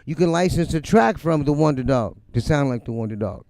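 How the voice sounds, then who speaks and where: In a fairly quick voice on the high side, with no echo, a middle-aged man rants on his music livestream from his home studio. He's profane, blunt and lively, mocking others by putting on their voices.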